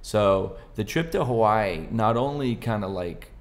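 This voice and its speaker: A man with a lowish, expressive voice talks unhurriedly, with slight background noise behind him. He's a guest musician and comedian in his forties from Southern California, rambling through stories in playful, casual interview chat.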